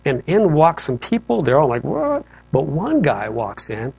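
A man's voice: medium pitch, big pitch swings, moderate pace, gravelly, a little mellow. A man telling a personal testimony to an audience in a conversational storytelling manner, often checking in with asides. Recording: slightly dull lo-fi recording.

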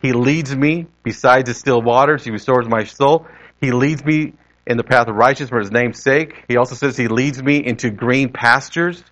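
A man's voice: mid-range voice, normal speed, a bit bright, dull audio. A man preaching a sermon in a conversational way, often rephrasing as he goes.

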